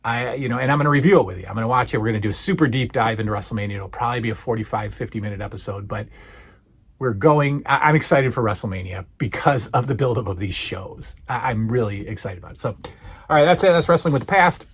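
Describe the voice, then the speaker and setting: A man's voice: mid-range voice, fast talker, slightly rough. A man hosting a podcast, retelling a show in an enthusiastic, casual review and often restarting his words. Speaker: podcast host.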